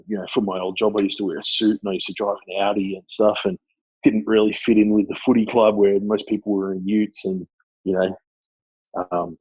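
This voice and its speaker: Australian man, low husky voice, guest on a podcast, lively anecdotes, muffled dry recording. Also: no room sound. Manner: animated storyteller, laughs often. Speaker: guest, former player. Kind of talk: casual chat.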